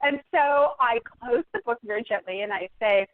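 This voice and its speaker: A woman guest in a podcast interview, retelling a story in an animated, exasperated way. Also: fairly high pitch, normal speed, dry recording. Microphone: phone call. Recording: tinny phone line.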